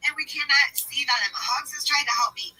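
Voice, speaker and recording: A woman's voice: high-pitched, fairly even intonation, a little fast, sharp tone, poor audio. A woman livestreamer chatting in a rambling way, full of "like" and "you know". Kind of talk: livestream chat.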